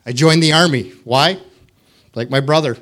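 A man's voice: a little high, moderate pace, fairly bright tone. A middle-aged man from the United States giving a candid, self-deprecating personal testimony in a church, with wry humor.

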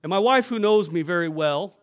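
A man's voice: high voice, lively intonation, a little fast. A male pastor preaching to his congregation in a church, telling a personal story in a conversational way and often checking in with his listeners.

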